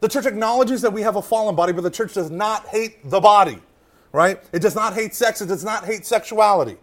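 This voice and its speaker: A man giving a lively faith talk to a room of listeners, swinging from loud emphasis to hushed asides and often checking in with "right?". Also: high-pitched, brisk. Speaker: Catholic speaker.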